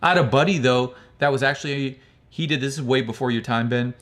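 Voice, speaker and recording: A man from the United States chats casually on a livestream, reading viewer comments aloud and answering them. He rambles in a friendly, easygoing way, tosses in "bro" and "man," and has a voice of ordinary middle pitch. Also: brisk, a bit bright. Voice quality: calls his own speech hick-like.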